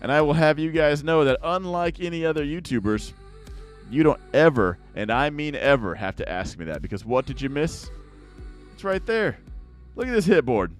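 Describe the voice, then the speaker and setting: A young man chatting casually to viewers as he opens card packs, rambling along and now and then breaking into excited outbursts. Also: a little high, moderate pace, faint music behind. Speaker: card-opening YouTuber. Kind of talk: casual pack-opening chat to viewers.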